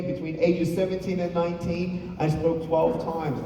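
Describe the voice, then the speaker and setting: A man's voice: high-pitched, normal speed, few pauses, noisy background. A man giving a storytelling motivational speech to a live audience, full of rhetorical questions, recorded in an echoey hall from far off. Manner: animated, uses rhetorical questions. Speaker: motivational speaker. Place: large hall on stage.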